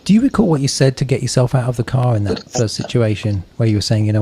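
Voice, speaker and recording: A man's voice: medium pitch, animated, fast, few pauses, dark tone, a little hiss or hum. A man hosting a podcast, asking thoughtful, carefully hedged questions. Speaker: podcast host. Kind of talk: curious interviewing.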